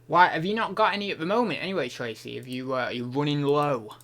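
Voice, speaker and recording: A young man chats on a live stream at his desk mic. His voice is bright and forceful. He reads messages aloud, pokes fun at himself and hums idly between comments. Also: fairly high pitch, quick pace. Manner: chatty, self-mocking, reads chat aloud and hums to himself. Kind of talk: casual live-stream chat.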